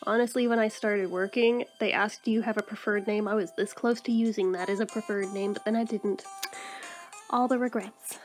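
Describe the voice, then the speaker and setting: A woman's voice: mid-range voice, steady tone, normal speed. A woman giving sarcastic, profane let's-play commentary on a video game as she plays, often laughing. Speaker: gaming video host. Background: faint game music.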